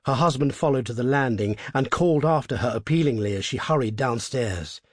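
A man reading a short story aloud in a measured, hushed and tense way, as scripted narration. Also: mid-range voice, lively intonation, breathy edge, dry recording, studio quality. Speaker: reader.

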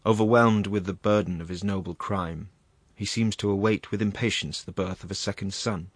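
A male narrator reads a classic tale in a measured, grave manner. His voice sits very low. The recording is dry and close. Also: steady tone, slightly rough, no room sound. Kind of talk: scripted narration of a classic story.

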